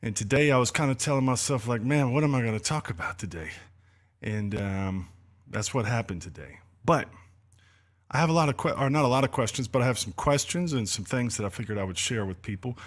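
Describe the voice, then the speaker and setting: A man's voice: mid-range voice, animated, fairly quick. Man hosting a rambling livestream chat. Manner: rambling, apologetic, loose with many fillers. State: slightly out of breath. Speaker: livestream host.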